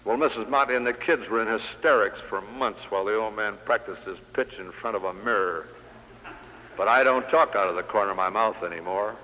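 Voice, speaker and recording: A man speaks fairly quickly at a fairly low pitch, delivering a talk on selling to a live audience in a large hall. The sales speaker uses punchy storytelling and rhetorical questions, heard on an old vinyl recording with dull audio and a little hiss or hum.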